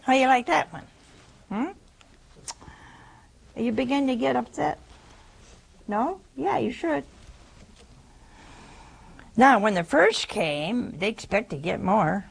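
A woman preaches slowly and tells her story in a folksy way, with asides to her viewers. Her voice is gravelly and husky. She takes her time. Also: a little high, animated, low-quality recording. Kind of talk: sermon.

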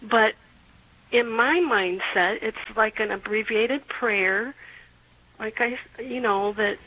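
A woman's voice: a little high, slow, sharp tone. A woman calling in to a radio show, asking her question in a hesitant, earnest way. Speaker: caller. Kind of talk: phone-in question. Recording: tinny phone line.

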